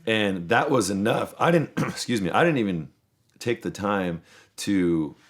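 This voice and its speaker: A man's voice: fairly low pitch, expressive, measured pace. A man in his thirties hosting a podcast, telling long, rambling stories in casual chat and swearing freely. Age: 30s. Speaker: podcast host.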